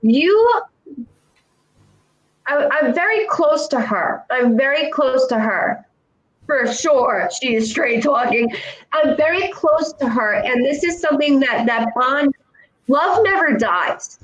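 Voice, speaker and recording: A woman's voice: sits high, lively intonation, a little slow, fairly bright tone, dull audio. A woman clairvoyant giving a psychic reading, talking earnestly and repeating herself as she passes on messages. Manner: earnest, repetitive, relays quotes from the dead.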